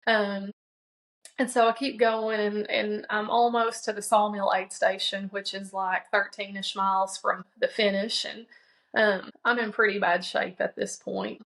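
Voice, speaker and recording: A woman's voice: medium pitch, little pitch movement, unhurried, vocal fry, a bit bright, low-quality recording. A woman, a guest on a podcast, telling a personal story in a conversational way and acting out what she and others said. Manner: conversational, many fillers and restarts; quotes herself and others in dialogue.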